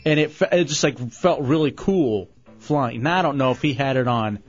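A man hosting a radio show in casual, animated banter, quick to tease and laugh. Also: medium pitch, slightly rough. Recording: dull lo-fi radio recording with faint music.

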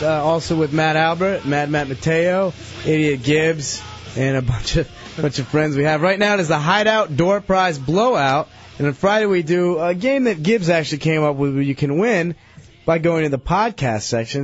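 A man's voice: on the high side, soft background music. A man hosting a radio show, reading promos and phone numbers with many fillers. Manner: hurried, filler-heavy hosting. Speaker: radio host. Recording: dry, dull radio broadcast.

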